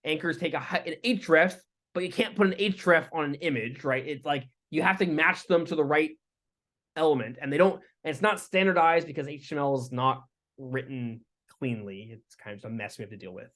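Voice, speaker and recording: A man teaching a lecture with live coding, talking in a relaxed way with fillers and restarts. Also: fairly high pitch, fairly quick. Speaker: instructor.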